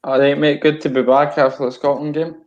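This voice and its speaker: A man co-hosts a football stream over a remote link. His voice comes through roomy and echoey on a slightly dull, muffled line, and he talks in a relaxed, casual way. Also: a little high, a little fast. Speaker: co-host. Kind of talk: casual banter. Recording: echoey, dull online call audio.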